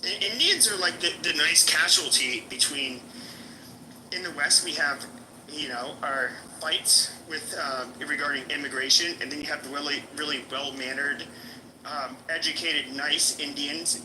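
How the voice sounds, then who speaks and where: Male live-stream host, rambling casual talk, echoey room, loud TV noise behind. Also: fairly high pitch, normal speed. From Mexico.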